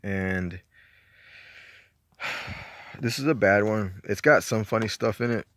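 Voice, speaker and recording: A man's voice: on the low side, slow, fairly bright tone, no room sound, clean studio sound. A man with a Southern accent from Georgia, chatting casually and rambling through his movie collection, laid-back and a bit profane. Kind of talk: casual chat.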